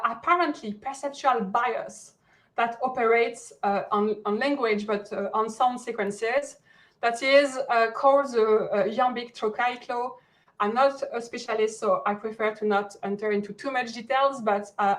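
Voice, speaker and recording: A woman's voice: fairly high pitch, low-quality recording. A woman from France with a French accent, giving an academic lecture over a video call, often searching for words. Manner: many fillers and restarts, searching for words. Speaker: guest lecturer.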